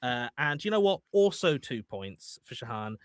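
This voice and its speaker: A man hosting a live charity game show, excitable and full of stammering restarts. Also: medium pitch, normal speed, no room sound, studio quality.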